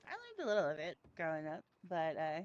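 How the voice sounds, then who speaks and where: A woman's voice: low voice, wildly swooping pitch, brisk, highs cut off. A woman roleplaying in character, friendly and hesitant with many ums.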